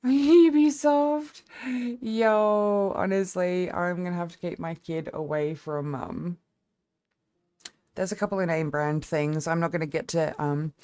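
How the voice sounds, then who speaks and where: A woman streamer chatting casually with her viewers, blunt and candid, with a lower-toned voice and a quick laugh. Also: dark tone, no echo. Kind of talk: casual live-stream chat.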